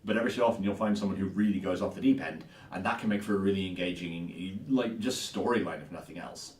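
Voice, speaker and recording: A man's voice: sits low, quick pace, darkish tone. A young man co-hosting a casual podcast about tabletop games, agreeable and thinking aloud. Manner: agreeable, thinks aloud with frequent "yeah" and restarts. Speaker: podcast co-host and tabletop player. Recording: echoey room, far from the mic.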